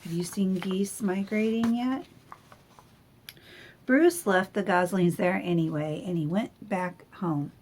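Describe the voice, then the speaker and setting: A woman reading a picture book aloud to children, gently asking them questions. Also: mid-range voice, slow.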